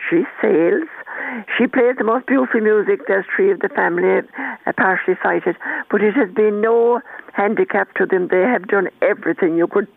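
A woman's voice: mid-range voice, normal speed, gravelly, no echo. Older woman author, rambling anecdotal manner, dry close phone-line sound. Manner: chatty, rambling, warm storyteller with frequent restarts. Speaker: author guest. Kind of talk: storytelling in a radio interview.

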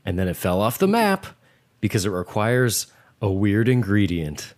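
Wry podcast guy, lively up-and-down voice, explains drink history. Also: lowish voice, moderate pace. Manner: wry, mock-boastful, explains facts. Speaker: podcast co-host. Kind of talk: casual chat and drink history.

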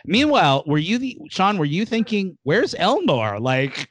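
A man's voice: sits high, normal speed, no room sound. A man hosting a casual podcast chat, recapping an episode and acting out the characters' lines. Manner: animated storyteller, acts out characters' lines. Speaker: podcast host.

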